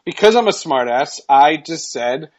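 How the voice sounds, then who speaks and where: A man's voice: on the high side, lively intonation, unhurried, lo-fi sound. A man who works as a sportscaster, telling a story as a guest in a casual podcast interview, chatty and laughing between phrases.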